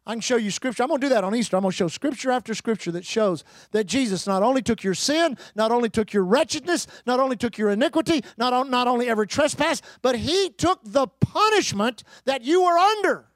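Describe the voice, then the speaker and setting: A man's voice: very high voice, expressive, fast talker, few pauses, no room sound, studio quality. A middle-aged man, preaching a sermon with emphatic rises, repeated phrases and calls to the congregation. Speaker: pastor.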